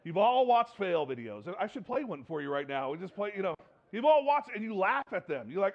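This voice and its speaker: A man's voice: high-pitched, a little fast, highs cut off. A man preaching a sermon, asking the congregation rhetorical questions and acting out what people say. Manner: animated, rhetorical questions, acts out quoted voices. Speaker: pastor.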